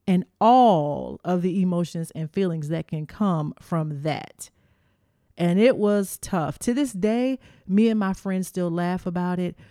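A middle-aged woman hosting, telling a personal story in a lively, animated way and acting out the voices of the people in it. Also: lowish voice, no echo, studio quality. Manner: animated, acts out quotes, addresses listeners as y'all. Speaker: host.

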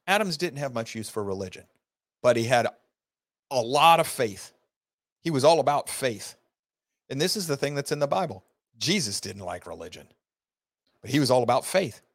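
Here a man of medium pitch lectures his students off the cuff, earnest and rambling, firing off heated rhetorical questions. He teaches an online class, and the recording has no room sound.

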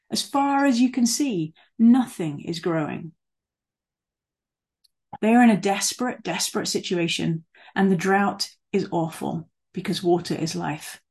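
A woman's voice: medium pitch, darkish tone, breathy edge. A woman preaching a sermon in a conversational way, with fillers and asides, and leaning hard on words she stresses.

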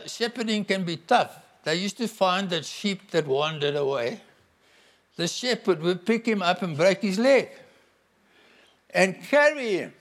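A man's voice: high-pitched, a bit bright. A man preaching a conversational sermon, declaring scripture with emphasis.

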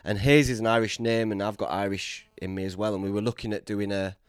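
A man's voice: fairly low pitch, steady tone, fast, clear, resonant tone, dry recording, clean studio sound. A man from Britain hosting a podcast, chatting casually and bantering, often saying "mate". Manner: laid-back banter, says "mate" often. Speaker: podcast host. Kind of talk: casual chat.

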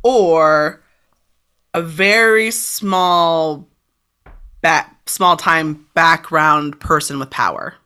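Woman co-host, bright tone, animated and profane, casual banter. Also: low-pitched, clean tone. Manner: animated, swears freely, quick laughs. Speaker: podcast co-host asking questions. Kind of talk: casual chat.

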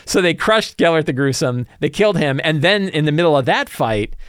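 A man's voice: on the high side, lively intonation, fairly quick, fairly bright tone, clean tone, no room sound, studio quality. A man hosting a show, casually recapping a tabletop campaign as game master, rambling with many fillers and restarts.

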